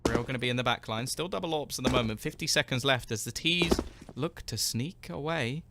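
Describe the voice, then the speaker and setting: A man calling a live esports match play by play, quick and building excitement as the action lands. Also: mid-range voice, music in the background. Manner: rapid, rising excitement on kills. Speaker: esports caster. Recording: game gunfire audible behind. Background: in-game gunshots.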